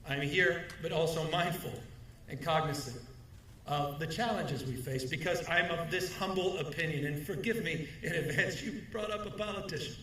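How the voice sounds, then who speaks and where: A middle-aged man delivers a formal speech with a measured, rhetorical rhythm, repeating key phrases for emphasis. His voice sits a little high for a man. The sound is roomy and picked up from some distance, with a faint hum of the hall behind him. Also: a bit bright. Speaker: governor giving an award speech. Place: large hall, speaking at a podium. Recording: echoey hall, mic at a distance.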